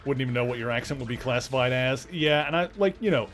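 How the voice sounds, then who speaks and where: A man's voice: mid-range voice, fast, a bit bright, faint music behind. A man with a mild Canadian accent, chatting casually while streaming a game, rambling with lots of fillers and restarts. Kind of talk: casual chat while gaming.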